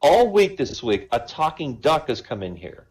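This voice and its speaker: A man's voice: medium pitch, sing-song, normal speed, a little mellow, natural voice. A man voicing a polite male barman who eagerly and apologetically passes on news, told as a spoken joke.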